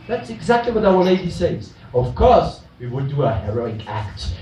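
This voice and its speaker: A man's voice: fairly high pitch, big pitch swings, moderate pace, few pauses, darkish tone, slight background noise. A man, a priest, preaching an earnest retreat sermon full of rhetorical questions and restarts. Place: chapel. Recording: echoey chapel from a distance.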